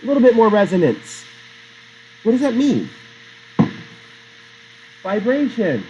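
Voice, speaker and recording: A man's voice: high voice, huge pitch swings, a little slow, mellow, slight background noise. A male teacher giving a classroom lecture, chatty and digressive, often quizzing the class. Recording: dull lo-fi sound.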